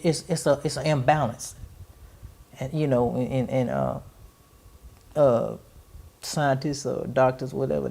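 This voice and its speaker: A middle-aged woman hosting a podcast, recounting family events in a rambling way, pausing to search for her words. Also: rumbling low, gravelly, darkish tone. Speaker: podcast host. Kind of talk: personal storytelling in conversation.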